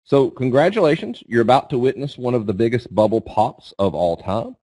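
A man's voice: medium pitch, animated, brisk, mellow, husky, no room sound. A middle-aged man with a Kentucky accent, giving a folksy, casual webinar presentation as a guest speaker on trading. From Eastern Kentucky, US. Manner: folksy, casual, checks in with "okay?" and "right?".

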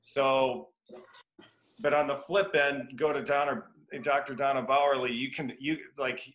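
A man in his fifties from Iowa chats as a guest on a podcast, spinning long anecdotes full of restarts and acted-out quotes. His voice is bright and forceful at an ordinary pitch. The room gives it a noticeable echo. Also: level tone, unhurried. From Iowa, United States. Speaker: guest educator. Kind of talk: casual storytelling interview. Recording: roomy echo.

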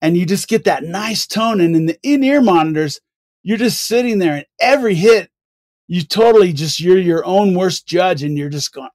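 An older man, a guest on a podcast, telling rambling, animated stories with many restarts. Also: sits high, moderate pace, dry recording, studio quality. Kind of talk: casual interview storytelling.

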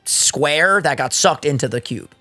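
Excitable young man, bright dry voice. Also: a little high, unhurried, dry recording, faint music behind. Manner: excitable, teasing, swears. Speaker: let's play co-host. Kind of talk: casual gaming banter.

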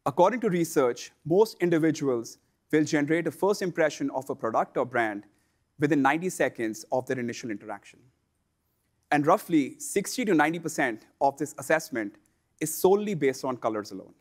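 Speaking a little high and sounding animated, a man presents a scripted lesson for online sellers in a measured, explanatory style.

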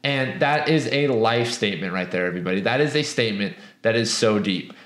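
A young man from the West Coast giving a casual, rambling book review, profane and animated, with many restarts. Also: lowish voice, a little fast. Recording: echoey room.

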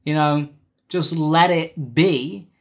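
Man, commentary, blunt, exasperated, fairly high voice. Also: slow pace. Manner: blunt, exasperated, swears casually. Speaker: commentary YouTuber. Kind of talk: casual commentary.

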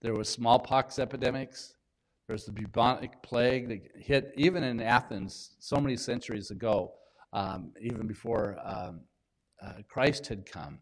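A man, a pastor, giving a sermon in a conversational, unhurried way, with pauses and small restarts. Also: medium pitch. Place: church in Washington State.

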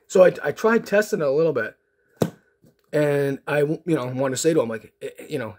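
This card pack opening vlogger has a slightly high, a little mellow voice with lively intonation and a brisk pace. His casual chat rambles with fillers and restarts, sarcastic and self-mocking as he tells stories.

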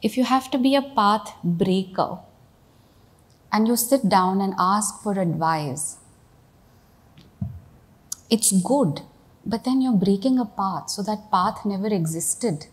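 A woman's voice: mid-range voice, animated, takes it slowly, pauses often, breathy edge. A middle-aged woman giving a keynote speech in a conversational, storytelling way, often saying "you know" and "right?". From India. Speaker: keynote speaker, CEO.

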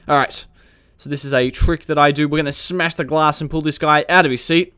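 A man's voice: a little high, steady tone, brisk, hardly any pauses, bright, forceful tone, clear, resonant tone. A man giving chatty gameplay commentary through a police roleplay, joking and laughing often and barking commands at suspects. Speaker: gaming video creator.

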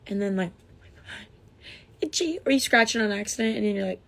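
A woman's voice: mid-range voice, animated, fairly quick, vocal fry, fairly bright tone. A young woman from the United States chatting casually on a phone livestream, reading comments aloud and answering them.

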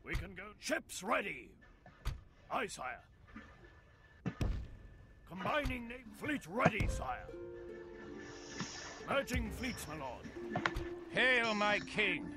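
A man's voice: high-pitched, very animated, takes it slowly, pauses often, loud music behind the voice, exaggerated voice. An actor voicing loyal medieval officers giving short, formal replies to their king in a game. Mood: dutiful. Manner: dutiful, formal, clipped replies.

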